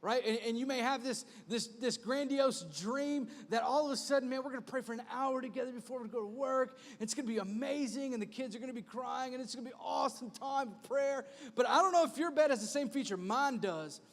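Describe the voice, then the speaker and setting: Brief: upbeat male pastor with a high voice, preaching in a sermon style in a reverberant church hall. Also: a little fast, hardly any pauses. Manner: energetic, comic storytelling with repeated exhortations. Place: church auditorium.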